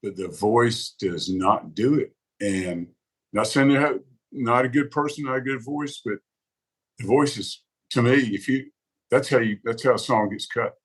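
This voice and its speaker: A man's voice: mid-range voice, unhurried, slightly rough, low-quality recording. A man, a guest on a podcast, chatting casually and acting out other people's reactions as he tells stories. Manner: animated storyteller who acts out quoted reactions. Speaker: podcast guest, songwriter advocate. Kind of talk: casual interview conversation.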